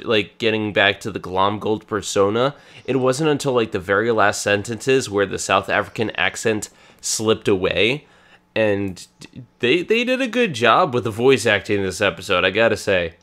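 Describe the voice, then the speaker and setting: A man with a cold, co-hosting a casual fan discussion podcast, talking in an excited and halting way with many restarts. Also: on the low side. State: has a cold. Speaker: podcast co-host.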